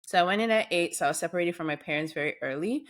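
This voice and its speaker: Nigerian-accented woman, surgeon guest on a podcast, low-ish voice, quick animated storytelling.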